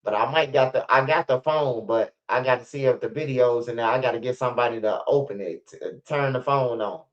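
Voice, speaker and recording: A man's voice: medium pitch, fairly quick. A middle-aged man with a Chicago accent, telling stories in a rambling, profane street-talk monologue. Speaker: storyteller. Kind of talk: casual storytelling monologue. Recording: slightly muffled lo-fi recording.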